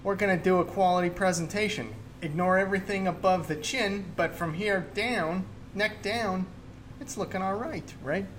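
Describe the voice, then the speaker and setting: A man hosting his own chat show, joking around and wandering off on tangents with plenty of fillers. His voice sits a little high for a man. A faint ambient hiss runs under the recording. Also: normal speed, a bit bright. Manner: jokey, rambling, with many fillers. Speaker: podcast host. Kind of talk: casual chat.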